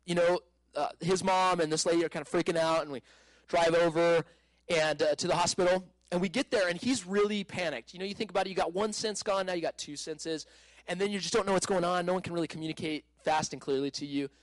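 Man, high voice, dry recording, casual storytelling, laughing, fillers. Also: fast talker, dry recording, low-quality recording. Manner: animated, laughing, many fillers and restarts. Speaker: speaker telling a personal testimony.

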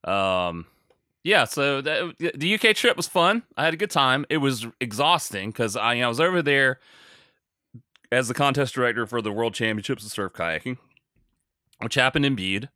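An American man co-hosting a podcast talks in a mid-range, animated voice at a moderate pace, with a pushed, bright quality. The sound is clean studio audio without echo, and his casual chat rambles with self-mockery and many fillers.

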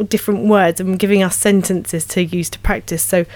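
A woman's voice: medium pitch, steady tone, normal speed, a little mellow, no room sound. Chatty Home Counties Englishwoman, dry sound. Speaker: podcast co-host, stage actor. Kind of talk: casual chat.

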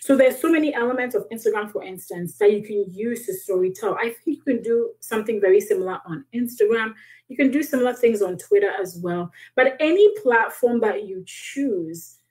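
A woman's voice: on the high side, lively intonation, fairly quick, rough recording. Earnest, emotional woman guest. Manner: earnest, with frequent restarts and soft laughs. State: emotional, near tears. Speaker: guest, author and business owner. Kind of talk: emotional podcast conversation.

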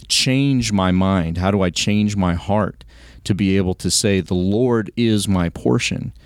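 A man's voice: low-pitched, no room sound, studio quality. A man co-hosting a discussion podcast, thinking aloud in a searching, thoughtful way. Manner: thoughtful, searching, slowing for emphasis. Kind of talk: reflective discussion.

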